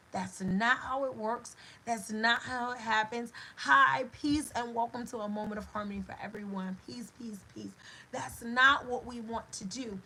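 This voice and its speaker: A woman's voice: sits high, sharp tone, poor audio. A woman hosting an inspirational show, speaking in an emphatic, repetitive motivational style with built-up lists of phrases. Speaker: birth coach for expectant mothers. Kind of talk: motivational spoken talk.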